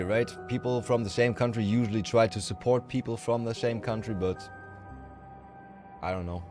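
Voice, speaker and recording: A man from Germany with a German accent, chatting casually with viewers on a livestream in a rambling, frank and profane way. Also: on the low side.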